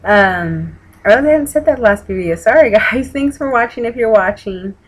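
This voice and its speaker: A woman's voice: medium pitch, animated, normal speed, poor audio. A woman with a Texan accent, tired and yawning, chatting casually to camera from home in a rambling way with the odd swear. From Texas. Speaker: weight-loss vlogger. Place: home room with an open window. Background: outside noise through the window.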